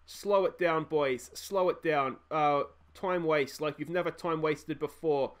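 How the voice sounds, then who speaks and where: A young Australian man commentating his own football management game, talking to the players and yelling at the screen when it gets tense. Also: on the high side, unhurried. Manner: animated, yells at the screen. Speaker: gaming channel host. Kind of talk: excited let's-play commentary.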